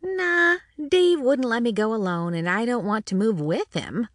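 A woman narrator voicing a friendly, teasing older waitress in an audiobook, speaking in a bright, playful way. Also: on the high side, lively intonation, a little slow, no room sound, clean studio sound, pitched above the performer's own voice. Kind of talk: audiobook character voice.

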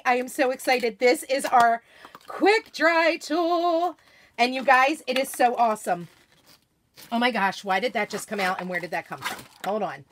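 A woman's voice: sits high, sharp tone. A woman hosting a craft product live stream, greeting viewers by name and chattering in a bubbly, gushing, scattered way.

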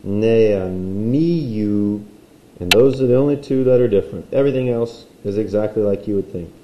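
A man's voice: lowish voice, roomy sound, dull audio, a little hiss or hum. A man teaching a recorded language lesson, playful and explaining while he draws.

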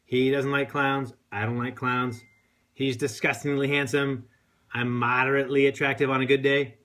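A man's voice: medium pitch, little pitch movement, moderate pace, bright, forceful tone. A man in his forties co-hosting a podcast, rambling and joking in casual banter. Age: 40s. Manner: joking, rambling, playful voices for others. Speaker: podcast co-host.

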